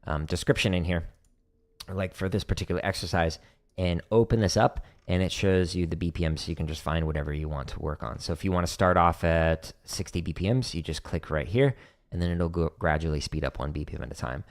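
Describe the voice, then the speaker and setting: A man's voice: low-pitched, a little fast. A man teaching drum technique on a livestream, casual and explaining while he demonstrates, with frequent fillers. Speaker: drumming teacher. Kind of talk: livestream Q&A lesson. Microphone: streaming setup at home.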